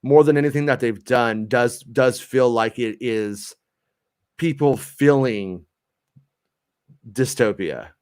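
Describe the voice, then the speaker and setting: A man's voice: medium pitch, slow pace, long pauses, darkish tone, clear, resonant tone, no room sound, clean studio sound. A man in his thirties co-hosting a casual review chat, telling loose joking stories and swearing casually. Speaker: podcast co-host.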